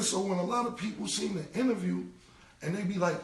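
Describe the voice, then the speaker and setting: Man, 40, rapper in interview; gravelly, fairly high voice; blunt, repeats himself; roomy distant pickup. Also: sing-song, fast talker, crowd noise. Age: 40s. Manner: blunt, repetitive, emphatic. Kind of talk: casual interview talk.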